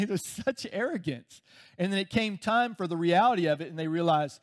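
A man preaching a sermon in a relaxed, conversational way, chuckling often and acting out everyday anecdotes. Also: on the high side, brisk. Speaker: pastor.

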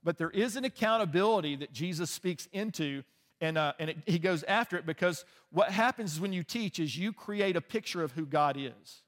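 Male preacher, fairly high voice, earnest conversational sermon, big reverberant sanctuary. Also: brisk, fairly bright tone. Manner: earnest, conversational, frequent restarts. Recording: long reverb of a large hall.

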